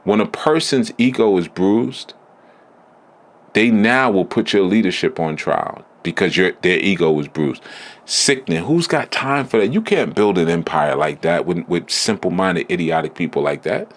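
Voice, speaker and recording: A man giving a blunt, emphatic spiritual teaching talk in a deliberate, preaching manner. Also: low-pitched, lively intonation. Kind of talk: preaching lecture.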